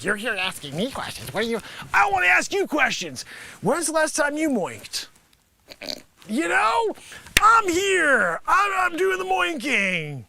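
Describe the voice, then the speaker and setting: A man hosting a live stream, improvising a comic sales pitch in a rambling, sarcastic way full of filler phrases, with sudden loud outbursts. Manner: animated, jumps to loud outbursts. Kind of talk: improvised comedic pitch bit.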